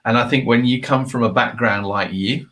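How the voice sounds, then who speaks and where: A man's voice: mid-range voice, fairly even intonation, moderate pace, a bit bright. A man hosting an interview show, giving thoughtful coaching advice in long, reflective sentences. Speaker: podcast host.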